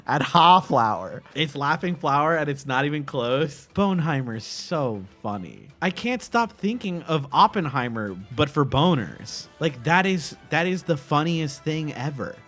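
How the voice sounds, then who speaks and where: A young man hosting a casual stream, reacting with excitable laughter and animated commentary. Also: a little high, unhurried, hardly any pauses, soft background music. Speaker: streamer host.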